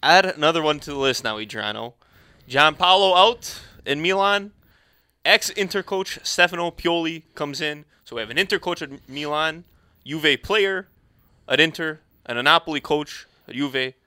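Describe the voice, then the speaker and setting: Bright-voiced man hosting a sports chat. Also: a little high, normal speed, smooth, no echo. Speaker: podcast host.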